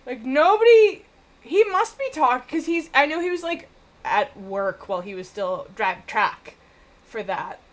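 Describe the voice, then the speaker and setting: A woman's voice: high-pitched, sing-song, a little slow. A woman streamer chatting casually while she plays a game, rambling with lots of fillers and swearing.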